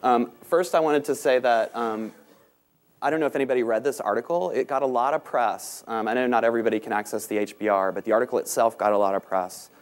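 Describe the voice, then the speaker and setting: A man with a Southern US accent giving a conference talk on business topics. He speaks quickly with many "um"s and pokes fun at himself. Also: mid-range voice. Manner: self-deprecating, quick, many ums. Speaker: panel speaker. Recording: talk recorded in a meeting room.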